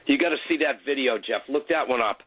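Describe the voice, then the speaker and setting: A man's voice: mid-range voice, brisk, slightly rough, dry recording. Indignant male caller on tinny phone. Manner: excited, repetitive, indignant. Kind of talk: call-in talk radio.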